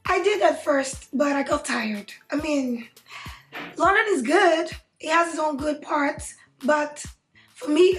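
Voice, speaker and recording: A young woman guest telling her story in a relaxed, casual chat. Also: high-pitched. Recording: echoey room.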